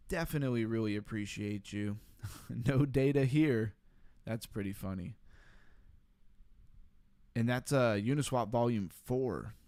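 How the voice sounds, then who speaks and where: A man hosting a casual livestream who keeps laughing and reads viewer chat out loud. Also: medium pitch, clean tone, no room sound. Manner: laughing often, reading chat aloud. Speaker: livestream host.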